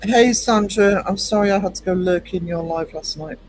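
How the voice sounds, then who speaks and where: High-voiced man chatting on stream. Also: moderate pace, low-quality recording. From United Kingdom. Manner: rambling, chatty, greets chat by name, many ums. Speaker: livestream host. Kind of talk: casual live-stream chat with viewers.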